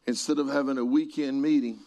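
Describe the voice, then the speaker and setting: Gravelly middle-aged pastor guy telling stories in a sermon, gets loud then hushed. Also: medium pitch, steady tone, brisk. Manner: dramatic preacher, swings from quiet to shouting. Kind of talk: sermon storytelling.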